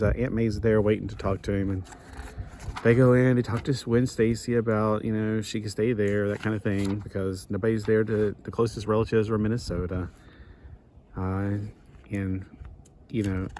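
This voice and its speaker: A man's voice: fairly low pitch, darkish tone, a little hiss or hum. A man giving a casual comic book review in a rambling way, full of restarts, asides and exasperated griping.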